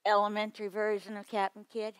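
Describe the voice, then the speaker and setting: A woman presenting a children's ministry workshop at a conference, talking to the audience in a lively, playful way. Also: mid-range voice, fast talker, smooth, no echo.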